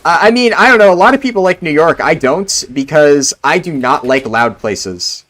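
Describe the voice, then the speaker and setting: A man's voice: a little high, animated, moderate pace, fairly bright tone. Laid-back young man streaming a game. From Central New Jersey. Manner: rambling and laid-back, many "like" fillers. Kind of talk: casual chat answering live chat.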